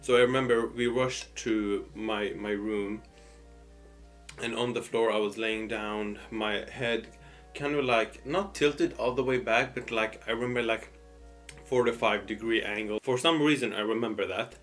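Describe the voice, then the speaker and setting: A storytime host tells a personal story casually while eating, sounding hesitant and filling his talk with fillers and restarts. His voice is lowish, steady, unhurried, and fairly bright, with faint music in the background.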